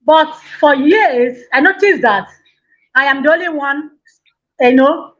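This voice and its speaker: A Nigerian woman calling in, telling her story in a hesitant, halting way. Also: high voice, fairly bright tone, highs cut off. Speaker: caller. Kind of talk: call-in story.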